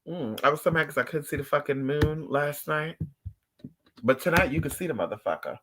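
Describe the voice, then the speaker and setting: A man vlogging in casual livestream chat, telling stories to his viewers in an animated, profane way with playful asides. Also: on the high side, brisk, noisy background.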